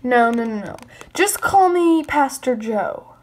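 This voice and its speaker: A young woman voicing a former school bully, now a pastor, who talks in a slow, gruff way. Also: on the high side, expressive, pitched below the performer's own voice.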